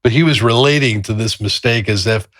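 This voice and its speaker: A man's voice: mid-range voice, a little fast. A man with an ordinary mid-range voice tells stories with energy and lots of animation. His podcast sound is dry and close, with no room echo. He talks in an easy, casual way. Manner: animated storyteller, acts out quotes loudly. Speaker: podcast co-host. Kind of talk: casual chat with storytelling.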